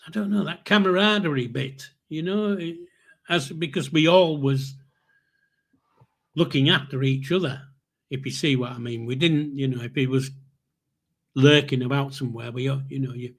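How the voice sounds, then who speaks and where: A man's voice: mid-range voice, normal speed, creaky. An older man hosting a podcast, telling stories in a casual, rambling way with restarts and chuckles. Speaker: podcast host. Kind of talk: casual storytelling.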